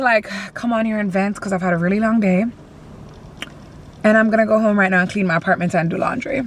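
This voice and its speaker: A woman's voice: mid-range voice, a bit bright, a little hiss or hum. A young woman vlogging from her car, venting bluntly and animatedly with plenty of swearing. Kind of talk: casual venting vlog.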